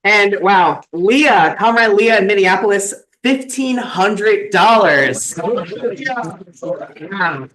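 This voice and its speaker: High-voiced man reading out donors, upbeat. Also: slow pace, hardly any pauses, a bit bright, low-quality recording. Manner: upbeat, salutes each name. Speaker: conference emcee. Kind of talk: reading out donor names at a conference.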